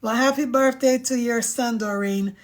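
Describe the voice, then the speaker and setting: A woman's voice: a little high, normal speed. A woman hosting a casual live stream, reading viewer comments aloud and giving her emphatic, outspoken opinions.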